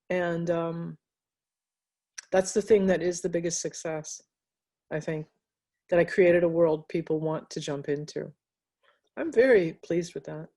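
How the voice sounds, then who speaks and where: An American woman answers interview questions in an unhurried, reflective way. She stops often, restarts her sentences and fills the gaps with small fillers. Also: on the low side, warm tone. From United States. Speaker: interviewee, graphic novelist. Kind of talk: casual interview conversation.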